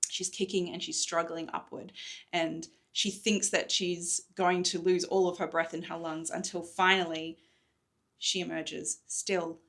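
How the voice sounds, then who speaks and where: A woman's voice: lowish voice, level tone, unhurried, a bit bright. Chatty woman recapping her book. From Australia. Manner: enthusiastic, chatty, with laughs. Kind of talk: chatty readalong recap mixed with book reading. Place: hotel room.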